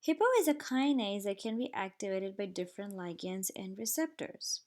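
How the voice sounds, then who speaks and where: A woman giving a recorded slide lecture in a measured, explanatory way. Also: mid-range voice, darkish tone.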